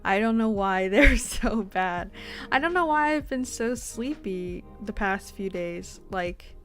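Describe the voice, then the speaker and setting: A woman's voice: mid-range voice, expressive, takes it slowly, faint music behind. A sleepy woman streamer chatting casually with her viewers, rambling and giggling between fillers.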